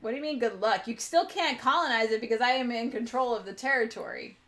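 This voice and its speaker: A woman's voice: on the high side, quick pace, pushed and bright. A young woman hosting a livestream board game session, chatting casually, laughing often and reading the chat aloud. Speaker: board game streamer host.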